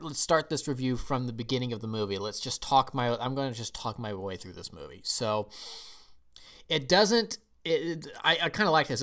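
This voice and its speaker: A man's voice: medium pitch, a bit bright. A man from the United States giving a casual, rambling film review vlog, often emotional and restarting his sentences.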